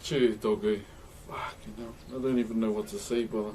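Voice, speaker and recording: Laid-back New Zealand streamer, swears freely, thanks viewers as brother; audible room noise behind him. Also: male voice, lowish voice, level tone, a little fast. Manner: swears often, thanks viewers warmly, calls them brother. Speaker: livestreamer carving wood. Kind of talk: casual chat to stream viewers.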